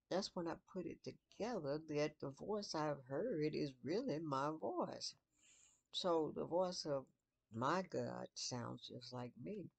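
An older woman talking slowly in a relaxed bedtime video, musing to herself with restarts and pauses. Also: rumbling low, vocal fry, husky, no room sound. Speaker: vlogger.

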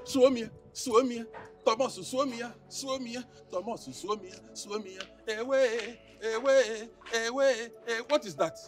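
A man's voice: extremely high pitch, takes it slowly, faint music behind. An actor playing a crude, boastful Nigerian chief who mocks his wife, with a Nigerian accent, recorded from a distance. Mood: mocking. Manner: mocking, taunting, crude. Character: boastful philandering middle-aged chief, crude. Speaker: husband and chief. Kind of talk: Nollywood film acting.

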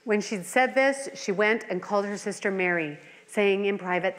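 A woman's voice: mid-range voice, moderate pace. A middle-aged woman leading a women's Bible study in a conversational teaching style, earnest and full of personal asides and rhetorical questions. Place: church hall. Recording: long hall reverb.

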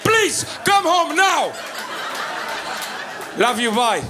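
A man's voice: very high voice, big pitch swings, very slow, a crowd in the background, noisy background, voice pushed up, exaggerated voice. A man voicing an anxious immigrant mother with a Portuguese accent, who speaks broken English and frets over her son coming home late. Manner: broken English, rising worry.

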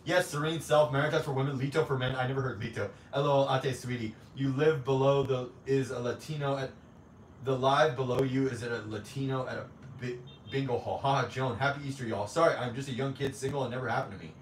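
Reading comments on his casual livestream, a young man teases viewers with crude jokes and lots of laughter. He talks quickly in a steady, mid-range voice. The mic is distant, leaving a roomy echo, an off-mic sound, and a faint background hum.

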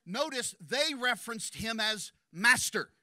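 A man preaches a passionate sermon in a church, his voice pitched high and ringing very bright. He races through some phrases, slows hard on others, and climbs into shouts at the peaks. The sound is close and dry. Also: lively intonation, no room sound. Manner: impassioned, rising to shouts at climaxes; rapid bursts of speech between slower emphatic phrases. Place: church sanctuary.

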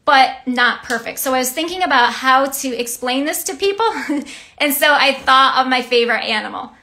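High bright woman giving a chatty bible talk, laughs a bit, keeps saying right?. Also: brisk. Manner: chatty, often asks "right?", laughs lightly. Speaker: Christian teacher and vlogger. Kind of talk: casual devotional teaching.

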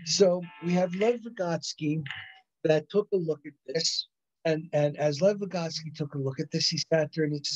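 A man's voice: a little high, moderate pace. A man teaching a college psychology class over a video call, rambling and correcting himself often, checking in with "right?" and "you know". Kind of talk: recorded online lecture. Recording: dull lo-fi video call audio.

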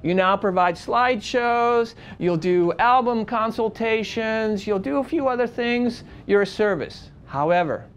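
A wedding photographer teaching a seminar, telling stories in an animated, conversational way with frequent restarts and big swings from quiet to loud. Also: male voice, sits high, measured pace, few pauses, a little hiss or hum. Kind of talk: lively storytelling lecture.

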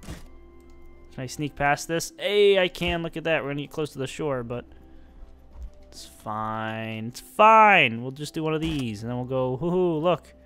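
A man's voice: fairly high pitch, normal speed, clean tone, soft background music. Playful young man narrating gameplay. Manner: playful, self-mocking, talks to himself while building. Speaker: let's-play gamer. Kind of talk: casual gameplay commentary.

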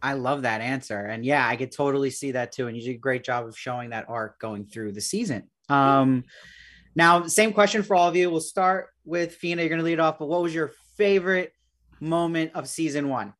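A man's voice: fairly high pitch, fairly even intonation, fairly quick, fairly bright tone. Upbeat male interview host. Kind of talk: friendly interview questions.

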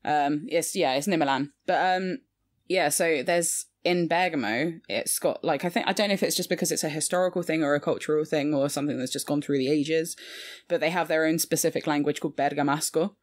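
A woman's voice: sits low, brisk. Chatty woman, laughs easily. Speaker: occasional co-host. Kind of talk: casual chat.

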